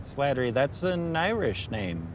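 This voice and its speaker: Deadpan middle-aged energy vampire, Upper Midwest accent, flat dry delivery, mid-pitched, TV comedy. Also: male voice, unhurried, slight background noise. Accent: Upper Midwest American.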